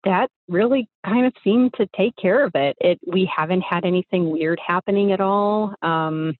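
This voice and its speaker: A woman's voice: medium pitch, normal speed, dry recording. A young woman on a remote call, telling a personal story casually and rambling with fillers and restarts. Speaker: guest storyteller. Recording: tinny phone-like line.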